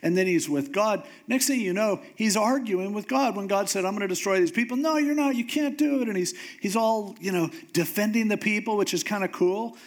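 A man's voice: high-pitched, a little fast, few pauses. A man preaching a sermon in a casual, conversational way, acting out the voices of the people in the story he retells. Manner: animated storytelling, acting out voices of God and Moses; conversational, informal phrasing. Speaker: pastor.

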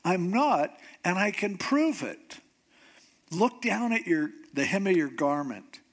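A man voicing a loyal young warrior who calmly reasons with his pursuer, close to his own speaking voice. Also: high voice, slow pace, pitched above the performer's own voice, heavily acted. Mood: earnest. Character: young male warrior-king, calm and loyal.

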